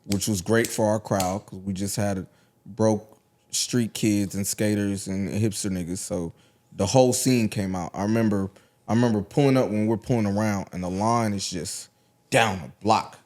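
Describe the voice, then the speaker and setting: Laid-back Atlanta rapper telling stories. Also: male voice, lowish voice, moderate pace, a little mellow. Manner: laid-back storytelling, lots of "like" and "you know what I'm saying". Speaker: rapper guest. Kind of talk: casual podcast conversation.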